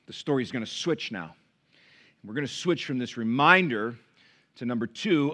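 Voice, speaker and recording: American pastor guy preaching, bright ringing voice, keeps calling out to the church. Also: medium pitch, normal speed. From United States. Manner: preaching with rising, emphatic delivery, addressing the congregation as "church". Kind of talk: sermon.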